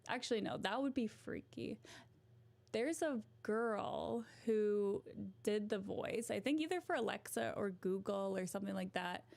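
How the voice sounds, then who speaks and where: A woman's voice: mid-range voice, unhurried, creaky, darkish tone. A young woman streaming, chatting casually to viewers, giggly and self-amused. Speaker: voice-acting streamer.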